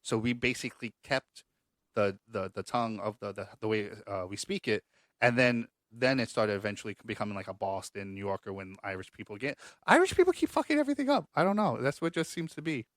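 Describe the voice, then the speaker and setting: A man's voice: fairly low pitch, fairly quick, fairly bright tone, no room sound, studio quality. A man hosting a casual quiz show podcast, joking and swearing as he reads out the questions. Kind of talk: casual game show chat.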